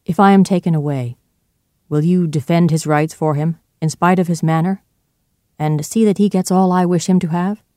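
This storybook reader plays a fifty-year-old male doctor, sincere and pleading until pushed, when he turns sharp and firm. The delivery is mid-range and fairly even at a normal speed, close to an everyday voice, captured dry in studio quality.

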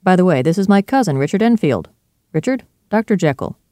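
A man's voice: sits high, very animated, fairly quick, mellow, no room sound, pitched above the performer's own voice. A reader voicing a concerned but cheerful male lawyer who talks earnestly in a storybook reading. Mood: brisk.

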